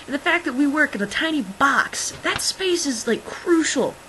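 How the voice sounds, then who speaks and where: A woman's voice: sits high, animated, moderate pace, pushed and bright, a little hiss or hum, low-quality recording. Young woman vlogging, rambly, lots of ums and likes, kinda wry and fed up. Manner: rambling, filler-heavy storytelling; wry, exasperated complaining. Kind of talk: casual chat.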